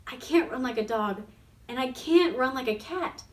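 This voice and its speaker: Picture a little girl tortoise, earnest and quick to feel hurt, put on by a woman reading aloud, her voice set high with lively ups and downs. The sound is roomy and a bit distant from the mic. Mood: earnest, dejected. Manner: indignant protest turning to dejection. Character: small young female tortoise, earnest, easily hurt.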